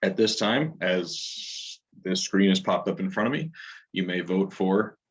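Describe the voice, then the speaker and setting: A man's voice: sits low, expressive, measured pace, slightly rough. A man hosting a club meeting, making formal, polite announcements over a video call. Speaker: meeting host. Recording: dull lo-fi video call audio.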